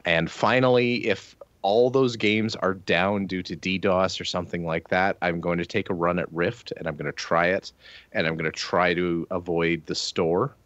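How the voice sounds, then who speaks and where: A man's voice: sits low, fairly even intonation, moderate pace, fairly bright tone, no room sound, dull audio. A man co-hosting a casual gaming podcast, chatty and rambling, stumbling over restarts and cracking jokes. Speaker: podcast co-host.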